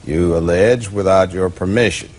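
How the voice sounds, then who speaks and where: A man with a low voice runs a televised courtroom, questioning the plaintiff. He is wry and probing, often cutting in with dry asides. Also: moderate pace, darkish tone. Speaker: TV court judge.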